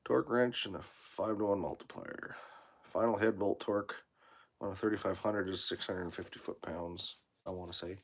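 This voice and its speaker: A man with a fairly low voice talks shop from his workshop. He speaks bluntly, curses without a second thought, and rambles in a relaxed way as he answers viewers on a casual live stream. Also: normal speed, slightly rough. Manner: blunt, swears freely, rambling shop talk. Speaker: mechanic livestreaming from his shop.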